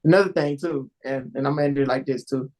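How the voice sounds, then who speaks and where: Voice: mid-range voice, quick pace, a little mellow, poor audio. A podcast host giving blunt, informal advice with casual grammar and a frequent "right?". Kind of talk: casual conversational podcast talk.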